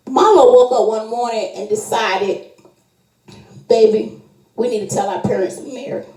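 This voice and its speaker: A woman's voice: normal speed, pauses often, roomy sound, low-quality recording. A woman telling a story in a casual monologue, acting out every quoted voice as she goes. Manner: animated, acts out quoted voices with big pitch jumps.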